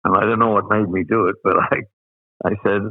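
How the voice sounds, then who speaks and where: An older man with an Australian accent, telling stories as an interview guest, rambling with many pauses and fillers. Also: lowish voice, steady tone, dry recording. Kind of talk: anecdotal storytelling. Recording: dry, phone-like sound.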